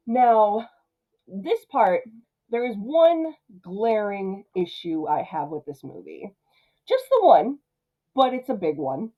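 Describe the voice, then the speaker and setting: A young woman giving casual film commentary, chatty and quick to slip into character voices. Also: on the high side, expressive, narrow, tinny audio. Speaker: film reviewer.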